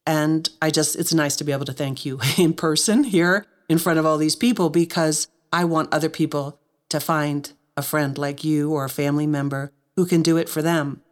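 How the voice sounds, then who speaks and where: A woman's voice: sits low, steady tone, normal speed. A woman hosting a podcast, speaking earnestly to her guest and listeners, choked up with emotion. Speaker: podcast host. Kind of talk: heartfelt interview chat.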